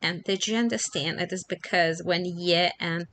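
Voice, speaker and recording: Woman English teacher, bright tone, unhurried, casual filler-heavy delivery. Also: on the low side, a little hiss or hum. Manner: chatty, repeats herself, many fillers.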